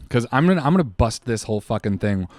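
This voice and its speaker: A young man co-hosting a casual comedy podcast spins a mock-conspiratorial story full of swearing and put-on voices. His medium-pitched voice is animated and fast, with a darkish tone, captured in a dry recording.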